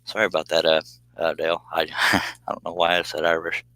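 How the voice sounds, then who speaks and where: Deep-voiced man chatting on a stream. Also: monotone, a little fast, pushed and bright, dry recording, rough recording. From United States. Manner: chatty, laughs often, reads viewer comments aloud. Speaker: woodworking live streamer. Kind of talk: casual live stream chat while working.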